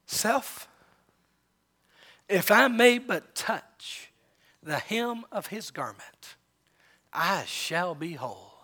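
A man's voice: high voice, big pitch swings, very slow, long pauses, sharp tone, heavily acted. Desperate sick woman, whispered and pleading, a man doing it. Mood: hushed pleading.

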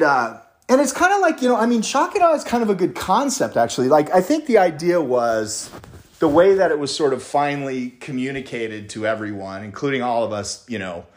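A man telling a story in a casual monologue, swearing freely and slipping into mock quotes. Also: mid-range voice. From United States. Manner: profane, animated ranting with mock quotes.

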